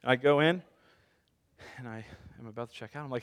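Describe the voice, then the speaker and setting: A man's voice: mid-range voice, fast. A man in his thirties preaching a sermon as a pastor, conversational, telling stories with self-deprecating humor.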